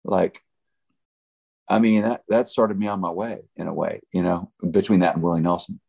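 Deep gravelly laid-back country singer. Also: male voice, fairly even intonation, normal speed, darkish tone. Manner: laid-back, rambling, lots of fillers. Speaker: country musician guest. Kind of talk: casual storytelling chat.

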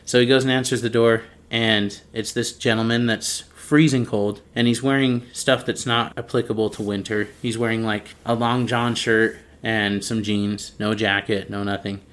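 A man co-hosting a podcast, telling a story in a casual, animated way and acting out the people in it. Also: lowish voice, moderate pace, hardly any pauses. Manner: animated storyteller, acts out quoted voices. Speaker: podcast co-host.

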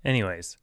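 A man's voice: mid-range voice, no room sound, studio quality. A man hosting a solo podcast in a casual, rambling way, full of fillers and restarts, often laughing at his own jokes and dropping mock-serious asides. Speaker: podcast host.

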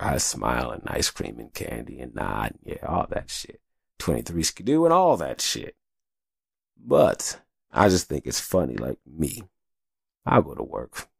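Deep gravelly-voiced man chatting casually. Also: no echo, studio quality. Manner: loose, profane and chatty, with frequent "you know what I'm saying". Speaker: podcast host. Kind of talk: casual storytelling monologue.

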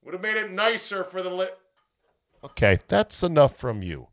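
A sports talk host rambles through a story in a loose, self-mocking way. His pitch roams widely as he jumps into playful high voices. The recording is dry and close, with no room sound. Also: big pitch swings, moderate pace, fairly bright tone, dry recording. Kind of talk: casual podcast monologue.

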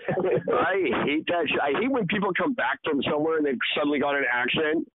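A man's voice: animated, fast talker, background noise. A Canadian man co-hosting a podcast in casual chat, mocking and swearing, often putting on silly voices. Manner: mocking, puts on silly high voices for impressions. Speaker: podcast co-host. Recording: tinny phone-like sound.

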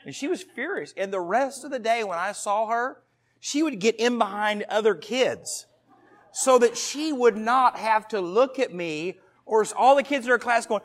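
A man's voice: high voice, expressive, moderate pace. A man in his thirties preaching a sermon to his congregation, earnest and storytelling, with asides to the listeners. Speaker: pastor.

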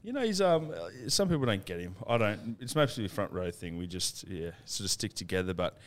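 A man's voice: on the low side, very animated, brisk. A man with an Australian accent telling a laughing, swear-filled rugby tour story on a casual podcast. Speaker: podcast co-host.

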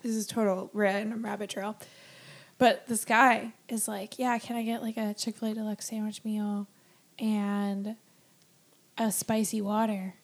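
A woman's voice: medium pitch, flat delivery, measured pace. A young woman co-hosting a casual chat, telling stories with lots of fillers and frequent giggles. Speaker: podcast co-host.

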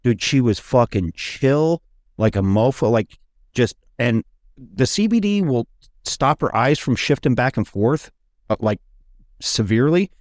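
A man's voice: mid-range voice, animated, measured pace, darkish tone, dry recording, clean studio sound. A man hosting a podcast, telling loose, profane stories in casual chat. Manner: rambling, profane storytelling. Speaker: podcast host.

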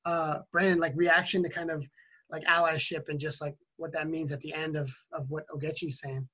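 A man's voice: on the high side, little pitch movement, moderate pace, bright, forceful tone, slightly rough. A man hosting a casual panel discussion, guiding guests with loose, filler-heavy, jokey talk. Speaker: podcast host and moderator.

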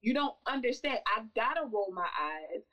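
A woman's voice: fairly high pitch, expressive, normal speed, recorded from a distance, lo-fi sound. A woman guest on a podcast talking with emphatic, building passion. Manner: emphatic, building to forceful insistence. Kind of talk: impassioned conversational talk.

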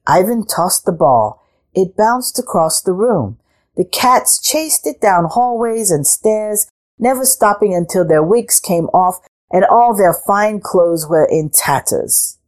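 A woman reading a picture book aloud in a slow, expressive storytelling manner. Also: mid-range voice.

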